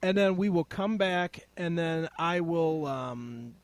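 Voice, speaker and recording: A man's voice: on the high side, expressive, slow pace, dry recording. A man hosting a casual podcast chat, laid-back, laughing often and swearing freely. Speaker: guest host.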